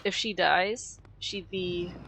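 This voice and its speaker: A woman streamer giving casual gameplay commentary, excitable and quick to laugh, rambling and correcting herself as she reviews. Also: lowish voice, gravelly, a little hiss or hum. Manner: excitable, shrieks and laughs at game moments.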